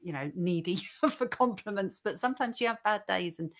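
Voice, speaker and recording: A woman's voice: mid-range voice, animated, a little fast. Woman co-host of an online chat show, laughs often, modest, on a video call. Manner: giggly, self-deprecating. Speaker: co-host reading a dialect poem.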